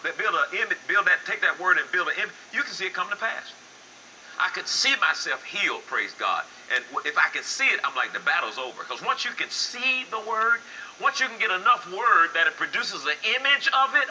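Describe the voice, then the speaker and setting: An older man preaching a sermon, swinging from low, quiet passages to loud, high-pitched exclamations. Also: a little hiss or hum, low-quality recording. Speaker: pastor.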